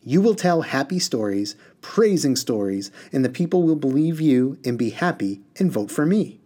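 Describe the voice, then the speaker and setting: A man's voice: medium pitch, big pitch swings, moderate pace, warm tone, voice pushed up. A man voicing a pompous, scheming male politician who talks in a haughty, overly formal and self-pitying way.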